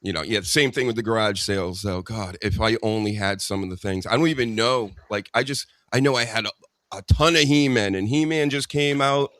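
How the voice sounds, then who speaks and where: Boston host, blunt joking rants, dry close sound. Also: male voice, fairly low pitch, fairly quick, fairly bright tone, dry recording. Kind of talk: casual live show chat.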